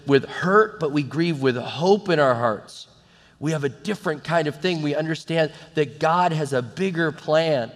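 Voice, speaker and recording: A man preaches to his congregation in a loose, conversational way, slipping into casual asides. His voice sits a little high, and each phrase rings on in the long reverb of a big hall. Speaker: pastor. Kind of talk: sermon.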